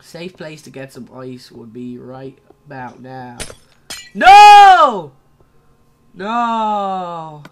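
Excitable young gamer guy, slow-talking. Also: medium pitch, vocal fry. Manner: excitable and jokey, yelps and rants at the game. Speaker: gaming channel host. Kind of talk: casual gameplay commentary.

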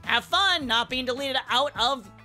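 A woman's voice: high voice, measured pace, pushed and bright, soft background music. A woman reading out the lines of a smug non-human cosmic being, delivered in a dry, mocking way.

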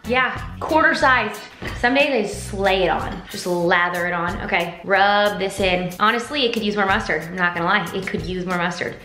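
A bubbly woman walks through her breakfast recipe in a casual, slangy vlog chat. She sits at a middle pitch, and the kitchen around her rings with a roomy echo. Soft music plays faintly underneath. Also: moderate pace. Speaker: vlogger. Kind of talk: casual cooking demo chat. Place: home kitchen. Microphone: vlog camera.

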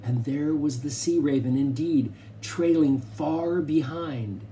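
Mellow male audiobook narrator. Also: on the high side, slight background noise. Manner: measured, expressive storytelling. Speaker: audiobook reader. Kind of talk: scripted narration.

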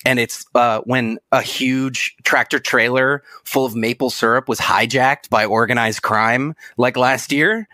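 A man's voice: medium pitch, steady tone, a little slow, hardly any pauses, sharp tone, no echo. A man putting on an exaggerated Canadian accent as a cheery, stoked Canadian dude character, talking in upbeat slang as a podcast guest.

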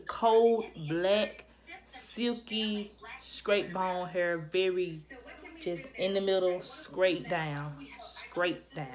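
Young woman rambling to her camera, kinda out of breath, chatty vlog vibe. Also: on the low side. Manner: chatty, rambling, restarts often. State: slightly out of breath. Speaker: vlogger. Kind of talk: casual chat to camera.

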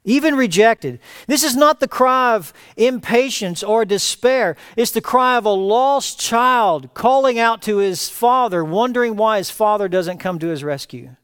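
A male pastor preaching an impassioned sermon, swinging between raised emphatic phrases and hushed, low lines. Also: expressive, unhurried, hardly any pauses, smooth, dry recording, clean studio sound.

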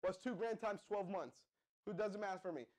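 Casting note: young male live-stream host, energetic hype pitch, slightly higher voice, keeps firing questions at the chat. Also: moderate pace. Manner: pumped-up, addresses viewers as guys, asks the chat to respond. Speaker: livestream host.

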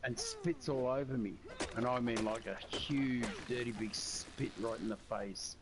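A man's voice: mid-range voice, big pitch swings, measured pace. A man chatting casually on voice chat during a game stream, telling long rambling anecdotes. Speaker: friend on voice chat. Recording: noisy voice-chat audio.

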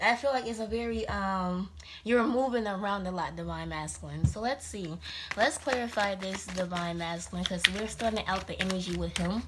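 A woman's voice: medium pitch, normal speed, a bit bright, a little hiss or hum. A woman giving a casual, rambling tarot reading to her viewers, slightly out of breath and laughing often. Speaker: tarot reader.

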